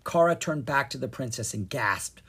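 A narrator reading a children's fairy-tale chapter book with expressive, animated storytelling. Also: mid-range voice, moderate pace, husky. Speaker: audiobook narrator.

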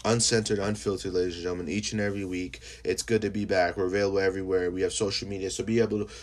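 A young man with a very deep, low voice, hosting his own podcast alone. He is high and rambles loosely, dropping profanity and fillers as he talks. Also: flat delivery, racing, hardly any pauses. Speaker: podcast host. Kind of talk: casual solo podcast monologue.

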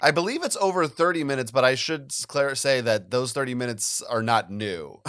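A New Jersey podcast co-host jokes, rambles and laughs often in casual chat. His medium-pitched voice is animated and a bit bright at a moderate pace, with clean studio sound and no echo.

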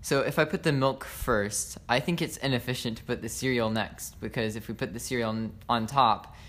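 A man's voice: mid-range voice, normal speed, fairly bright tone. A young man co-hosting a casual podcast, playful and patient, redoing takes and explaining terms carefully. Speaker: podcast co-host.

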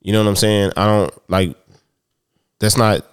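A man's voice: on the low side, fairly even intonation, unhurried, clean tone. A man in casual sports talk with friends, hesitant and restarting often, with loose slang.

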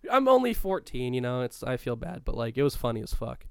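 A man's voice: mid-range voice, very animated, normal speed, smooth, dry recording, studio quality. A man in casual chat, recalling school days with a rambling, profane manner and frequent laughs. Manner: stops to look things up mid-talk. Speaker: co-host reminiscing about school days.

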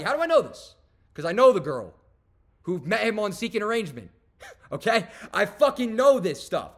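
A man's voice: sits high, fairly bright tone. A young man hosting a podcast, ranting in a heated, profane and sarcastic way. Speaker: podcast host. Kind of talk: fired-up podcast rant.

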